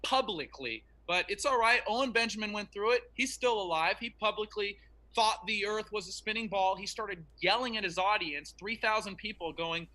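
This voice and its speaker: A man speaking in an online debate over a remote call. His voice sits high and sounds very bright and sharp. He delivers his points in an emphatic, preachy way. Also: moderate pace, low-quality recording.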